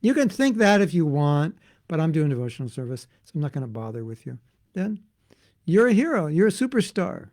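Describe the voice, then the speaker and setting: Gravelly, animated male spiritual teacher. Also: fairly high pitch, a little fast. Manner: animated, conversational, acts out voices. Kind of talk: devotional class lecture. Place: Alachua, Florida.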